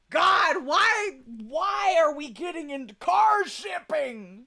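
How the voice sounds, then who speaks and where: A woman's voice: high-pitched, lively intonation, slow, few pauses, bright, forceful tone. A young woman with a Southern US accent chatting casually on a live stream, laughing often and swearing freely. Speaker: streamer chatting with her chat.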